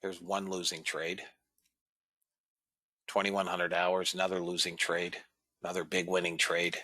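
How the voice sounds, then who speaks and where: A man with a low voice and a bright, forceful edge, hosting a live trading room. He talks casually to the viewers as guys and fellas and reads out trade figures. The sound is dry and close. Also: completely flat delivery, measured pace, dry recording.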